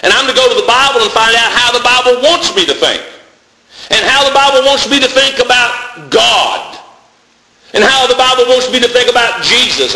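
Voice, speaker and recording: A man's voice: high-pitched, pushed and bright. A man preaching a sermon, calling his listeners brethren and building long repeated lists, in a church. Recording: echoey room.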